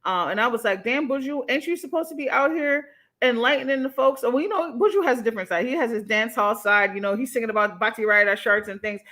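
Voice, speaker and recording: A young woman hosts a casual livestream from her home mic. Her voice sits a little high and rings bright and sharp. She talks in an animated, emphatic way and swears freely. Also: fast talker. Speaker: livestream host.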